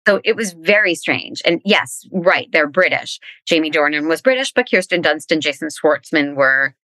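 Woman podcast host, chatty and self-mocking, lowish bright voice, dry close sound. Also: animated, moderate pace, dry recording. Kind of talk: casual chat.

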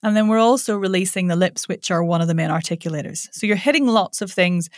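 A woman coaches vocal warm-ups, playful and quick to laugh. Her voice sits fairly low for a woman. The sound is dry and close, with no room around it. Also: no room sound. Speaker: voice coach guest.

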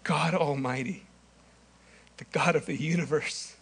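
Man, pastor, sermon, animated storytelling, high-pitched, bright tone. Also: measured pace, slightly rough. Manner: animated storytelling, acts out scenes.

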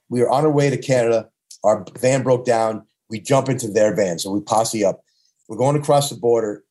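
A man's voice: mid-range voice, dark tone, husky. A man with a New York accent telling rambling, profane road stories from his touring days in a casual chat, full of restarts. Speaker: touring punk musician guest. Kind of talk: casual storytelling.

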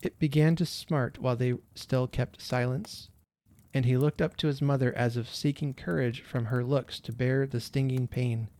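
A man narrating a classic holiday story in a gentle, expressive storytelling manner. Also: mid-range voice, normal speed.

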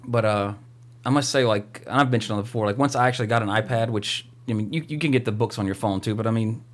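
Co-hosting a podcast, a man with a lowish voice talks at a quick pace. He keeps the chat casual and rambling, full of fillers.

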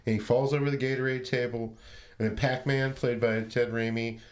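A man's voice: mid-range voice, level tone, brisk. A man co-hosting a podcast, casually retelling a film's plot with swearing and laughter. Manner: laid-back storytelling, swearing and laughing. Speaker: podcast co-host recapping a movie.

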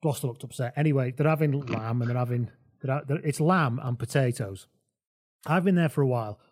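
A man hosting a podcast, telling a comic anecdote in an animated, giggly way. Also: medium pitch, a little fast. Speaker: podcast host.

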